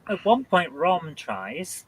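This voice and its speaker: A man's voice: fairly high pitch, sing-song, takes it slowly, slightly rough, low-quality recording. A man from County Durham, England, competing in a trivia quiz and trading witty jokes. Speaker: quiz contestant. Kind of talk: casual chat.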